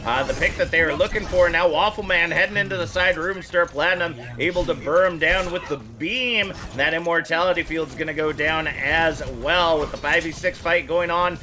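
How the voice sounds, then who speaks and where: A man casting a live online match, calling the plays quickly with many fillers and asides. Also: fairly high pitch. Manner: quick, excitable calls with frequent fillers. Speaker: esports caster. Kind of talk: live play-by-play commentary.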